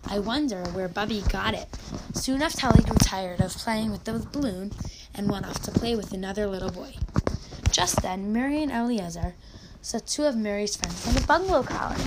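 A woman reading a children's story aloud in an expressive read-aloud manner, with small slips now and then. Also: medium pitch, normal speed, heavy background noise.

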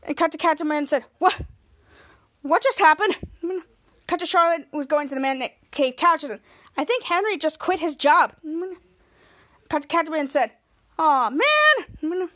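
Her voice sits high with a fairly bright tone, and she talks a little fast. As a podcast host, she retells a TV episode casually and ramblingly, restarting often and performing the quotes.

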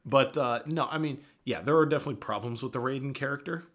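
A man with a husky, slightly breathy voice talks casually about a movie he loves. He sounds easygoing, with a mid-range pitch and offhand swearing. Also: fast talker, fairly bright tone. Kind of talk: casual movie commentary chat.

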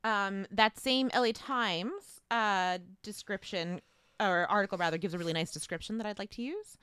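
A woman's voice: medium pitch, moderate pace, a bit bright, smooth, no room sound, clean studio sound. A woman co-hosting a podcast, telling a history story in casual chat and reading out article passages, laughing easily. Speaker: podcast co-host.

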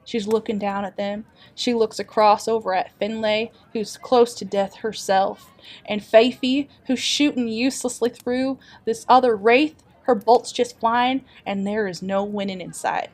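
A woman's voice: a little high, fairly even intonation, measured pace, close to an everyday voice. A woman playing a folksy wandering storyteller. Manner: folksy drawl, dramatic storytelling. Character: folksy traveling adventurer telling tales. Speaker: player character storyteller. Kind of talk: improvised tabletop role-play.

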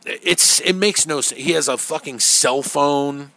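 A man's voice: fairly high pitch, measured pace, bright, forceful tone. A man co-hosting a podcast, chatting casually and sarcastically while reviewing a movie from his notes, swearing freely. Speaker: podcast co-host.

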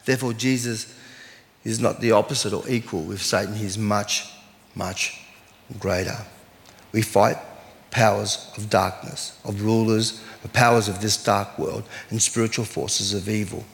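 Pastor preaching in an echoing hall. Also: male voice, fairly low pitch, steady tone, moderate pace. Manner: earnest, storytelling preacher who reads scripture aloud. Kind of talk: sermon. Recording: long hall reverb.

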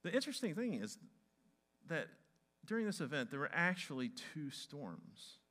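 A man preaching a sermon to a congregation, dramatizing Bible stories with animated shouts. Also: fairly high pitch, moderate pace. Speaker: pastor.

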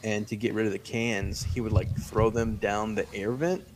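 A man's voice: lowish voice, steady tone, moderate pace, background noise. A young man, a guest on a casual podcast over a video call, laid-back and self-mocking.

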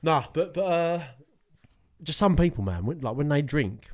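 Man, animated storyteller, lively pitch, casual podcast chat. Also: normal speed. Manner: laughs a lot, animated storytelling. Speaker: podcast co-host.

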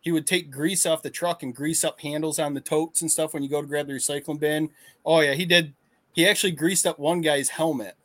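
A man chatting casually on a podcast, recalling coworkers' pranks. His voice sits a little high and his tone stays relaxed, with some loose swearing. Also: fairly quick. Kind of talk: casual chat.

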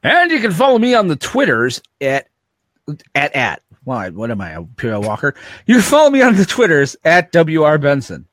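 Playful male co-host, slightly high and animated, dry sound. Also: normal speed, dry recording. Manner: playful and teasing. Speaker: podcast co-host and engineer. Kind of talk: casual call-in show chat.

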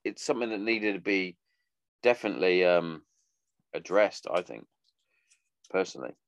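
Man, 30s, podcast host; lowish voice, dry close sound, loose sweary ramble. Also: lively intonation, moderate pace, no room sound. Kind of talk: casual monologue.

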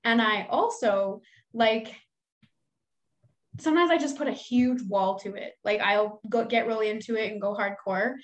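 A woman's voice: on the high side, normal speed. A young woman chatting casually and candidly, cursing often and poking fun at herself. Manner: candid, swears freely, self-deprecating. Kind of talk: casual chat.

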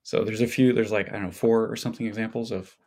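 A man's voice: lowish voice, fairly even intonation, fast talker, a little mellow. A man as a podcast guest, explaining things in a casual scholarly way with many fillers and hedges.

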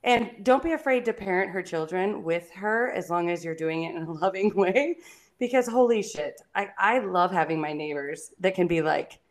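A woman's voice: fairly low pitch, normal speed. A young adult woman chatting candidly on a podcast, swearing freely and stumbling over restarts. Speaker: podcast co-host. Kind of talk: casual podcast chat.

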